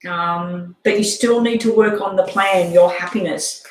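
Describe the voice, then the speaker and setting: Live-stream tarot reader, mid-pitched, unhurried and halting, lots of filler, echoey room sound. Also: steady tone. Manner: halting, with frequent ums. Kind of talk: live tarot reading to a viewer.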